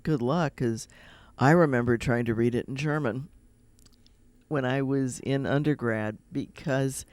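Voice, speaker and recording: A man's voice: mid-range voice, no room sound. A man with a Midwestern American accent, chatting casually on a radio show and rambling through personal stories. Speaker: rabbi, radio guest.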